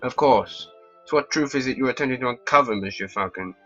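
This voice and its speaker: A man voicing a suave, theatrical male fox con artist with a smooth, grandly dramatic delivery, in a game. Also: medium pitch, a little fast, fairly bright tone, lo-fi sound, faint music behind, lightly acted. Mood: storytelling.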